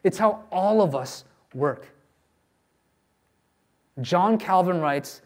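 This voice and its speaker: A man's voice: high-pitched, lively intonation, drawn-out words, long pauses, darkish tone. A man preaching a sermon as a pastor, earnest and pleading with his listeners.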